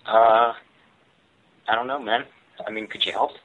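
A man's voice: on the low side, fairly even intonation, unhurried. A man calling into a radio show, hesitant and mumbling as he trolls the hosts. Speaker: caller. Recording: dull lo-fi phone call.

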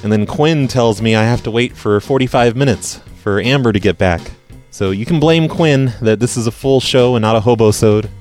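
A man's voice: medium pitch, moderate pace, a little mellow, soft background music. An American man hosting a prank call show, chatting in a wry, offhand way. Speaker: podcast host.

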